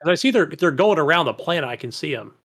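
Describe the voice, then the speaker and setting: A man on a podcast, chatting casually and asking quick follow-up questions. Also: fairly high pitch, sing-song, vocal fry, a bit bright. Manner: asks quick follow-up questions, laughs along. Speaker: podcast co-host. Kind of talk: casual gaming chat.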